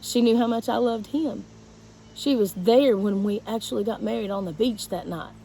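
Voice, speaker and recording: A woman, a teacher, telling a painful personal story to her viewers in a halting, emotional way. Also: on the high side, creaky, noisy background.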